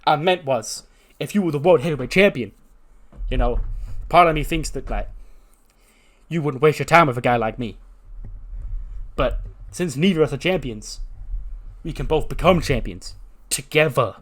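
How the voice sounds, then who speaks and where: A man's voice: on the high side, lively intonation, normal speed, pauses often. A man voicing an eager, boastful young male wrestler in a wrestling game playthrough, rambling and self-hyping. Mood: hyped.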